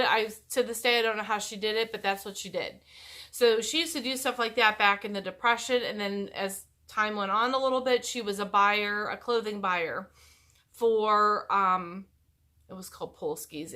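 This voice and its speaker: Chatty, bright-voiced woman vlogger. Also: medium pitch. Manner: chatty, rambling, self-interrupting. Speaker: YouTuber. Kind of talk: casual chat to camera.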